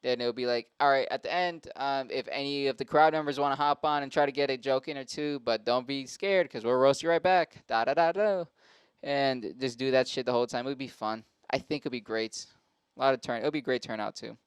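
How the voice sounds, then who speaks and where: A man's voice: mid-range voice, fairly even intonation, brisk, clear, resonant tone, no echo. A man hosting a show and talking in a casual, rambling, profane monologue, often cutting himself off mid-sentence. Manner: profane, rambling, self-interrupting. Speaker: host and stand-up comic.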